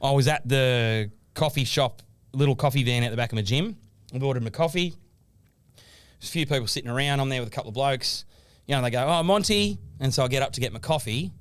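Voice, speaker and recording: An Australian man in his thirties banters on a podcast, animated and mock-stern. His voice sits at a middling pitch. The recording is dry and close, with no room sound. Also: fast talker, smooth, dry recording. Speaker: podcast co-host. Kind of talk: casual banter.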